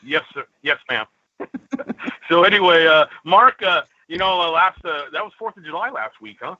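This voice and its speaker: Bright, lively joking male caller. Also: fairly high pitch, moderate pace, dry recording. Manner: joking, giggly, meandering. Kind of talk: casual call-in chat. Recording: lo-fi dry phone-in audio.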